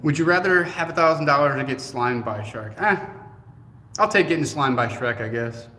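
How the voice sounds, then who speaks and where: A man's voice: medium pitch, animated, brisk, sharp tone. A man with a mid-range voice co-hosts a laid-back livestream, reading comments and joking back at them. He talks loosely and swears casually. The sound rings through an echoey room with a long reverb tail and faint background noise. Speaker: co-host.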